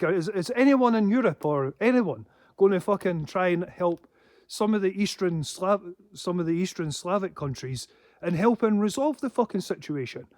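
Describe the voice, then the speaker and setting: A man's voice: high voice, no room sound, studio quality. Sweary man, rambling vlog. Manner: sweary, rambling, often laughing. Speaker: paranormal vlogger. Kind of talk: casual rambling monologue.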